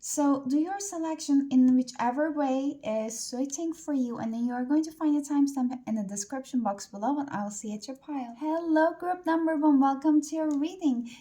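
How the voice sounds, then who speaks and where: High-pitched woman, tarot reader to camera, chatty and unpolished with frequent fillers. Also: mellow. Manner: chatty, loose, many fillers like "like" and "uh". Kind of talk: casual pick-a-card reading to camera.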